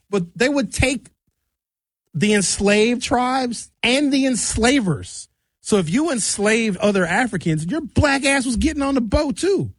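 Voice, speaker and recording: A man from Milwaukee, hosting a comedy radio show. He rambles and jumps animatedly between high and low pitch. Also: no echo, clean studio sound. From Milwaukee, USA. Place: radio studio.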